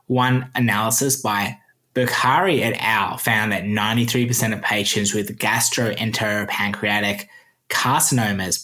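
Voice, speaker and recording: A man's voice: fairly low pitch, fairly bright tone. Australian man summarising medical research. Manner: brisk, dense with technical terms, laughs easily. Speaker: podcast co-host. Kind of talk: reading a prepared medical summary.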